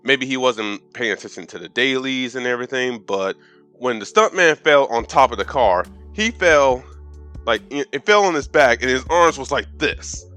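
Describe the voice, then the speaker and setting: A man's voice: medium pitch, animated, moderate pace, bright, forceful tone, soft background music. A man in his thirties giving a profane, sarcastic movie review as a casual rant, with stumbling restarts. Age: 30s.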